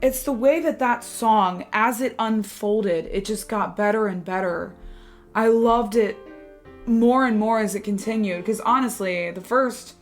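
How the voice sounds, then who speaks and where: A woman's voice: mid-range voice, measured pace. Chatty woman reacting over faint music. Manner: chatty and excitable, talks to viewers directly. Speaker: YouTuber reacting to an album. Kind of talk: casual reaction commentary. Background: faint music playing.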